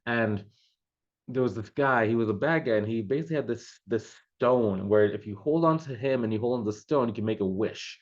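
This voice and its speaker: A man's voice: medium pitch, a little fast, highs cut off. A man coaching business owners in a loose, conversational way, with many fillers and restarts. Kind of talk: casual advice talk to camera.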